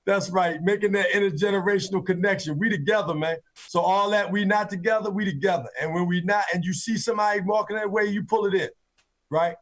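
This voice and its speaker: A man hosting a morning talk show, emphatic and rallying, in an energetic radio style. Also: sits high, brisk.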